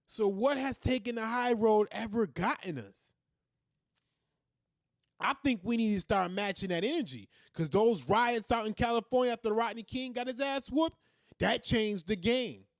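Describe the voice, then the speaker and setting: Host, male, high-pitched, fiery profane rant, dry close sound. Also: moderate pace, dry recording. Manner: heated, ranting, profane. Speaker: commentary host. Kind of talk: opinion monologue.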